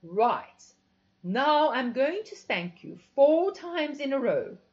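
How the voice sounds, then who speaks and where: A woman's voice: sits high, sing-song, slow pace, pitched above the performer's own voice, exaggerated voice. A woman voicing a sultry, commanding female instructor who gives teasing, authoritative instructions. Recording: dull lo-fi recording.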